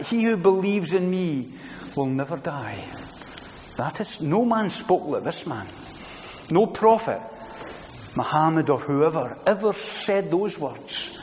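A middle-aged man preaching a sermon, earnest, building to loud emphatic declarations with repeated phrases. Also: a little high, a little hiss or hum. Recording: long reverb of a church hall.

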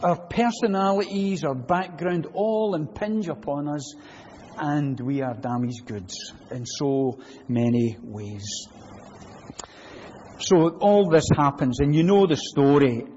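Preacher with a muffled, echoing sound. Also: male voice, on the high side, slow, slight background noise. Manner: animated, with rhetorical questions and quoted voices. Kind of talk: sermon. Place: church.

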